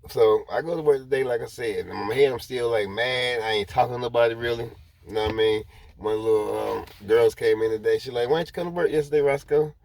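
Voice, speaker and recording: A man's voice: medium pitch, steady tone, fairly quick, creaky, darkish tone. A man rambling through a personal story to his viewers in casual talk, repeating himself as he goes. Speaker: vlogger.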